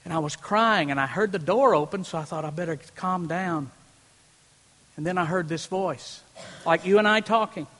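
A pastor preaching a sermon from a church platform, telling a personal story and swinging from hushed moments to loud preaching. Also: male voice, high-pitched, normal speed. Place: church platform before a congregation. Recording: long reverb in a large hall.

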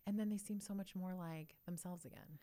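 A woman's voice: fairly low pitch, a little fast, dark tone, no echo. A woman in her thirties talking in a thoughtful, reflective way on a podcast and laughing often. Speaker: podcast co-host. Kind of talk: casual conversation.

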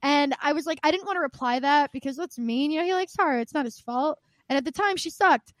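A woman with a high voice chats casually about games on a podcast. She tells her stories with lively energy and swears freely. The recording sounds dry and close. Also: fast, dry recording. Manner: animated, profane storytelling. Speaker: podcast co-host. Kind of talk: casual video game chat.

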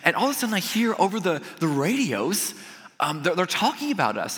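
A man delivers a sermon in a bright, forceful, fairly high voice, telling a story and acting out the voices of the people in it. His voice rings with a long reverb, as if filling a large hall. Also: sing-song, fairly quick. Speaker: pastor.

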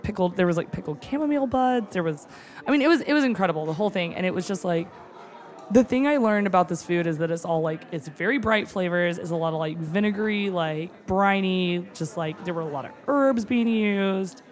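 An excitable cook raves in a loose, chatty way, stacking fillers and the odd curse word. The voice sits at an ordinary middle pitch and wells up with feeling, close to tears. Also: a little fast. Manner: excitable, gushing, with many fillers and swearing. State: moved nearly to tears. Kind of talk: casual chat.

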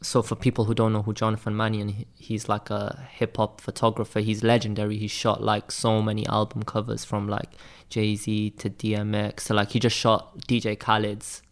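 A man's voice: fairly low pitch, completely flat delivery, moderate pace. A man from Wales with a light Welsh accent, telling stories in a loose, chatty interview and filling his talk with "like" and "man". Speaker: graphic designer guest. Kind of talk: casual interview storytelling.

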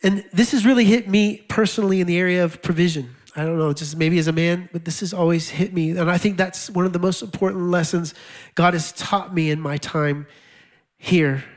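A male pastor preaching a sermon in a conversational way, with wry laughs and repeated key lines. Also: a little high.

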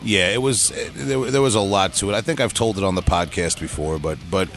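A man hosting an interview, circling his point with restarts and filler. His voice sits fairly low, and a faint noise runs beneath it. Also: fairly quick, a bit bright. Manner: rambling, many restarts. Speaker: podcast host. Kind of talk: casual interview chat.

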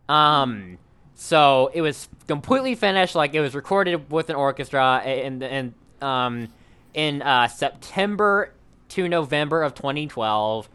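A man telling a story in a casual podcast chat, rambling quickly with many restarts and fillers. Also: a little high, expressive, pushed and bright, clear, resonant tone.

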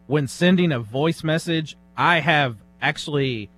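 Wry, deliberate male radio co-host. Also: fairly high pitch, a bit bright, soft background music. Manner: dry, deliberate, wry humor. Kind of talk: casual on-air banter. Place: radio studio.

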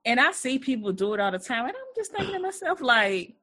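A young adult woman co-hosting a podcast in casual chat, ranting in an animated way with playful mock quotes. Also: on the high side, fast, slightly rough. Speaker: podcast co-host.

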